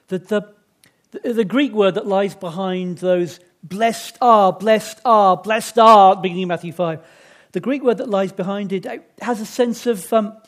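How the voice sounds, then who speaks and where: A man's voice: high-pitched, a little mellow. A man preaching a sermon in a chatty, self-deprecating way, with many restarts.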